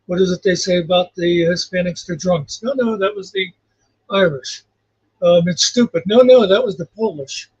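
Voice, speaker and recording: A man's voice: sits high, normal speed, a little mellow, slightly rough. A man talking casually on a livestream, rambling and reflective, filling gaps with "you know". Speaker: guest commentator. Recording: muffled lo-fi call audio.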